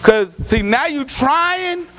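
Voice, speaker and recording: A man preaching a sermon as pastor, moving from loud shouts to quiet hushed lines. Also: very high-pitched, expressive, slow pace, slight background noise, low-quality recording. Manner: preaching with rising shouts and sudden drops to a hush.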